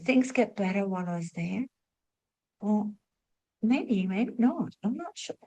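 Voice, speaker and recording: A middle-aged woman speaks in a storytelling teaching talk with a mid-range voice. She poses rhetorical questions to her listeners and swings between lively, raised bursts and quiet, hushed passages. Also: medium pitch, measured pace. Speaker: spiritual teacher and former nurse.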